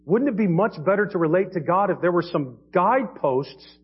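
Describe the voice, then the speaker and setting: A man preaching a sermon as pastor, earnest, swinging between quiet and emphatic passages. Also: high-pitched, expressive, normal speed, breathy edge. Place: church sanctuary. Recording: dull lo-fi church audio.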